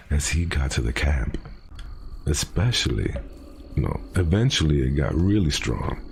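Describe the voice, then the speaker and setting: A man hosting a podcast, reading a first-person horror story aloud in a casual, profane way with dramatic pauses. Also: a bass voice, a little mellow, slight background noise.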